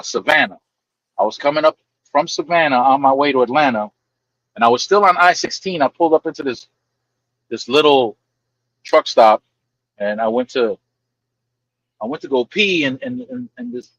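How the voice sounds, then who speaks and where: A man's voice: mid-range voice, no room sound, lo-fi sound. A man chatting casually on a livestream, telling stories in an emphatic, teasing way. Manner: animated storyteller, emphatic and teasing. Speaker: livestream co-host. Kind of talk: casual chat.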